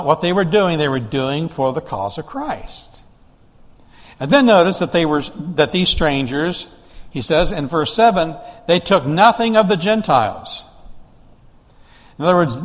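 This pastor's voice sits on the high side, trailed by a long reverb. He preaches his sermon conversationally, posing rhetorical questions to the congregation and frequently starting his sentences over.

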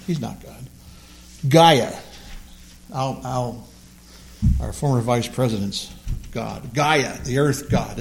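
A man's voice: mid-range voice, darkish tone. A man leading a Bible class, teaching emphatically and often repeating words as he stresses a point.

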